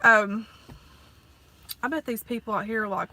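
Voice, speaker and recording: A chatty woman in her thirties with a Southern US accent, talking to her viewers from inside a parked car. Her voice is bright and a touch high, folksy and full of "honey" and "like". The talk is loose and casual. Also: moderate pace. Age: 30s. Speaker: vlogger. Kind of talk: casual eat-with-me vlog chat.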